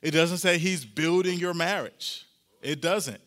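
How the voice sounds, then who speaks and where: A pastor, a man, preaching a sermon, repeating key phrases, slowing down to stress them, and often talking straight to the congregation. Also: fairly high pitch, a bit bright. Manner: addresses the congregation directly and often.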